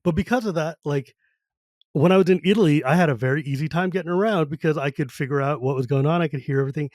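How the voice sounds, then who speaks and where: A man's voice: fairly high pitch, fast talker, a little mellow, no echo, studio quality. A man hosting a podcast, chatting casually and telling laughing anecdotes. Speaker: podcast host.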